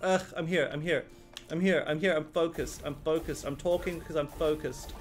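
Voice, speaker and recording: A man giving rambling, swearing, excitable commentary while playing a video game. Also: a little high, normal speed, soft background music. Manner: rambling, excitable, swears often, laughs a lot. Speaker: gaming video host. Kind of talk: let's play commentary.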